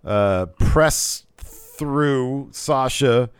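A man's voice: mid-range voice, very slow, clear, resonant tone, no room sound, studio quality. A man co-hosting a live-streamed podcast, recapping wrestling in a rambling, casual way with lots of fillers. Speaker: podcast co-host.

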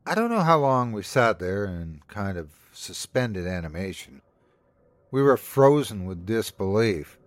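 A man's voice: on the low side, big pitch swings, measured pace, no room sound. A man hosting a podcast, giving dramatic scripted narration of a horror story.

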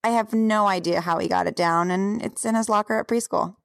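A woman in her thirties co-hosting a podcast, telling a chatty parenting story in a hurried, casual way. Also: medium pitch, fairly even intonation, gravelly. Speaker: podcast co-host. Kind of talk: casual chat.

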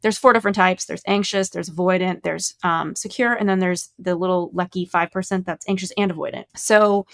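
Woman, podcast co-host, slight vocal fry, earnest explainer. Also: fairly low pitch, steady tone, fairly quick, hardly any pauses. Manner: earnest, explanatory, speaks about psychology. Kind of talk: casual podcast chat.

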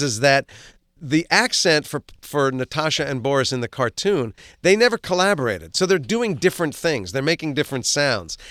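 Middle-aged man, actor guest, lively swinging pitch, bright tone, self-deprecating anecdotes, dry close sound. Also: no room sound. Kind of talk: casual interview storytelling.

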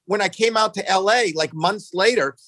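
A man in his sixties telling stories casually on a podcast, animated, jumping into acted-out quotes, swearing freely, often restarting his sentences. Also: moderate pace, no room sound, low-quality recording. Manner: animated, acts out quotes with jumps in pitch. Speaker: podcast guest. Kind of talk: casual storytelling chat.

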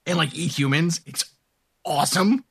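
A man's voice: fairly high pitch, moderate pace, vocal fry, fairly bright tone, husky. A man hosting a podcast, chatting casually and rambling, then reading an upbeat sign-off. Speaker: podcast host. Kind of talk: casual chat.

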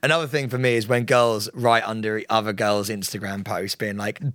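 A man's voice: on the low side, fairly even intonation, fast talker, hardly any pauses, a bit bright, dry recording, clean studio sound. A young adult man, co-hosting a casual podcast and chatting in a teasing way, with "like" in nearly every line. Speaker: podcast co-host. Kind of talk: casual chat.

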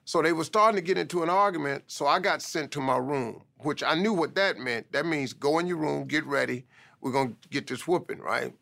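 A man tells his life story in a motivational style, leaning on "man" to drive his points home. His voice is gravelly and forceful, and he delivers with emphatic conviction. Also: on the high side, a little fast. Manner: emphatic, repeats "man" for stress. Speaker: speaker telling a life story.

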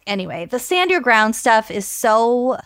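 A woman's voice: on the high side, very animated, unhurried, a bit bright, clean tone, no echo. A woman co-hosting a casual podcast, laying out legal details plainly with dry asides on a close studio mic. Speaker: podcast co-host. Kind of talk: casual chat.

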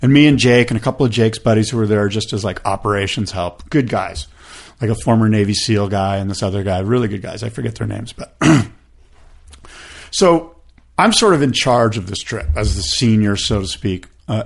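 A man's voice: on the low side, fairly quick, creaky. A man in his fifties telling a long story as a podcast guest, rambling with lots of fillers and acting out what others said. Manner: rambling, filler-heavy, acts out quoted voices. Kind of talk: casual storytelling interview.

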